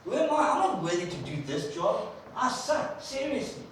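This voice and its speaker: A man's voice: mid-range voice, lively intonation, fast talker, slight background noise, lightly acted. A man preacher voicing a reluctant shepherd who protests and makes excuses to God. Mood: pleading. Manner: protesting, self-pitying, blurting excuses. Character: reluctant, panicky middle-aged male shepherd. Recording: echoey church from a distant mic.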